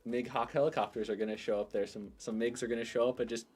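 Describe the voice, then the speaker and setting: A man's voice: mid-range voice, fairly even intonation, fast talker, a little mellow, breathy edge, soft background music. A man co-hosting a casual tech chat, throwing in wisecracks. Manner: wisecracking, laughs between lines. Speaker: podcast co-host.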